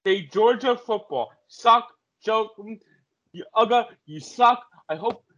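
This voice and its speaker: Brief: high-pitched male sports co-host, profane rants, dull lo-fi sound. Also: slow. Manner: ranting, profane, loud impressions. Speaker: podcast co-host. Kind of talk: casual sports chat. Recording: dull lo-fi audio.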